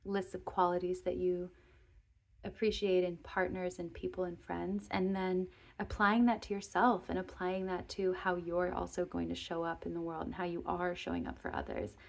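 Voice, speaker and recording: A woman giving a tarot reading, speaking gently and earnestly to viewers, rambling and restarting as she goes. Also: on the low side, normal speed, gravelly. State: emotional, near tears. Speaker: tarot reader.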